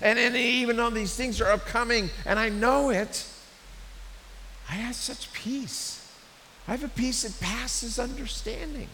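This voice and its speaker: A man's voice: very high voice, measured pace, pushed and bright, pitched above the performer's own voice, heavily acted. A man voicing the apostle Paul as an earnest, pleading teacher who questions his flock. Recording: echoey hall with faint hiss.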